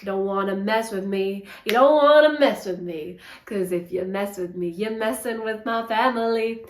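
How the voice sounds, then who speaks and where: A woman's voice: mid-range voice, moderate pace, close to an everyday voice. Lady doing a swaggering tough guy crook, all fake menace, roomy echo. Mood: mock menace. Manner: mock-menacing, repetitive. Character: swaggering tough male criminal making threats.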